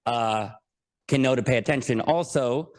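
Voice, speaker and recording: A man's voice: medium pitch, normal speed, darkish tone. A man talking as a podcast guest in casual interview chat, joking, self-deprecating and rambling.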